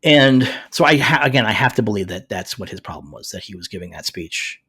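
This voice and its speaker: A man co-hosting a casual podcast, talking in an animated way and dropping into mocking quoted voices. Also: on the low side, fairly quick, breathy edge. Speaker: podcast co-host.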